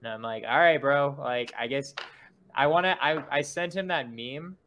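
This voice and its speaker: A man's voice: medium pitch, normal speed, a bit bright, dull audio, slight background noise. A young man hosting a podcast, talking in a loose, rambling way with lots of fillers. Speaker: podcast host. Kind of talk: casual podcast chat.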